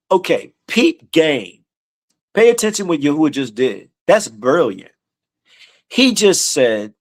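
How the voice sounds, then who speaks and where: Blunt, slangy man preaching with a higher voice. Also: very animated. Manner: blunt, emphatic, repeats phrases, slangy street talk; reads scripture slowly in a raised, declaiming voice. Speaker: Bible study teacher. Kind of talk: informal preaching with scripture reading.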